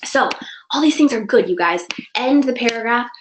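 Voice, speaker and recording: A woman's voice: on the high side, expressive, moderate pace, background noise. A woman teaching an online writing class to children, talking in a chatty, encouraging way and correcting herself as she goes. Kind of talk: live online class instruction. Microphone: computer mic for online class.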